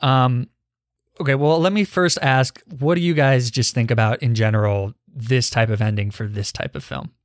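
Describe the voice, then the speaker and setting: A young man hosts a casual film review podcast, leading the conversation and posing questions to his co-hosts. He's candid and swears now and then, speaking in a medium-pitched, steady voice at a moderate pace. The sound is clean studio quality with no echo.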